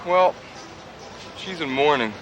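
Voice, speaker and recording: A man's voice: a little high, animated, slow, music in the background. An actor playing a chummy, folksy car salesman who is eager to please.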